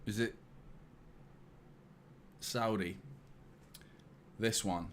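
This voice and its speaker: A man's voice: fairly low pitch, steady tone, very slow, a little hiss or hum. A young man hosting a fan live stream, chatting casually with viewers, swearing freely and mocking himself. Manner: casual, swears a lot, self-mocking banter with chat. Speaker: fan channel host. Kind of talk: live-stream watchalong chat.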